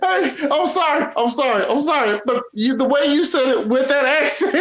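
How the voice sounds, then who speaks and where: A man co-hosting a podcast in casual chat, excitable and joking. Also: extremely high pitch, a little slow, a little hiss or hum, poor audio. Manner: excitable, joking and laughing along. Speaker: podcast co-host.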